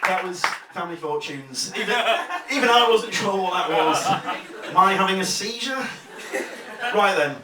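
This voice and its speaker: Laughing compere in an echoey club. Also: male voice, high voice, expressive, normal speed, crowd noise. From Leeds, England. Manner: bantering, laughing, swings from mutters to shouts. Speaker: comedy compere. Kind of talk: live stand-up crowd work. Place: comedy club stage. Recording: echoey club, distant mic, loud noise.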